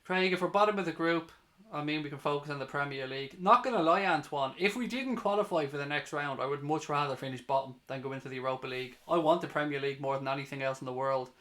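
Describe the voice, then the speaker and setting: Brief male fan host, fairly high voice, live play-by-play breaking into angry cursing rants. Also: fast talker, a bit bright. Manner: sweary, heated, ranting between play-by-play. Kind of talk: live match reaction commentary.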